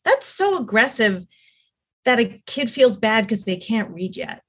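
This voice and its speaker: A woman's voice: a little high, big pitch swings, a little slow, husky. A middle-aged woman talking as a podcast guest, telling her story in an earnest, rambling way with many fillers and restarts. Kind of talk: casual conversational storytelling.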